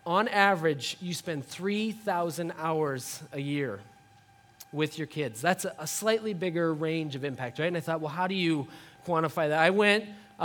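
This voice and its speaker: A high-pitched man in his thirties preaches from the front of a church. He tells his story with animated energy, jumping between a soft, hushed tone and bursts of shouting as he acts out the scene. The sound is of a sermon delivered to a congregation. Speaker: pastor. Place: church sanctuary.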